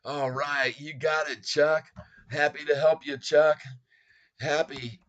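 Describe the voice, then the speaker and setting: Bright-voiced man taunting short sellers. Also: a little high, little pitch movement, takes it slowly, dull audio. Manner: taunting, laughs often, reads out prices. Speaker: stock market livestream host. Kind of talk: live market commentary.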